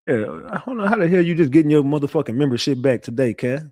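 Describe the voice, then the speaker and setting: A man's voice: fairly high pitch, animated, quick pace, hardly any pauses, a little mellow, no room sound, studio quality. A man hosting a casual livestream, brash and trash-talking, who laughs often and reacts to chat messages. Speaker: livestream host.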